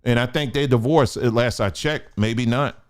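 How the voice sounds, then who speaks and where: A man's voice: mid-range voice, normal speed, smooth. A man hosting a casual commentary show, talking in a blunt, emphatic, colloquial way.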